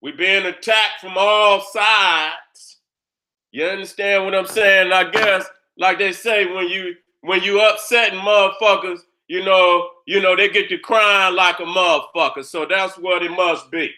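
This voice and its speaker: A man with a high, very bright, forceful voice delivers a fired-up monologue from his own channel. He is boastful and combative, swears freely, and keeps circling back to the same phrases while checking that his listeners understand him. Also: steady tone, unhurried.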